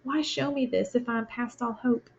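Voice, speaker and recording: A woman's voice: a little high, fairly even intonation, moderate pace, gravelly. A woman reading the part of an old miserly man who begs a ghost for another chance, in a fervent, urgent voice. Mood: pleading. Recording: lo-fi, dull sound.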